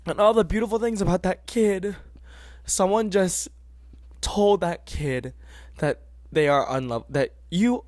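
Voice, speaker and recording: Young male podcast host, higher voice, dry close sound, sincere casual advice. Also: unhurried, dry recording. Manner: earnest, animated, repeats phrases for emphasis. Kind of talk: casual heartfelt advice talk.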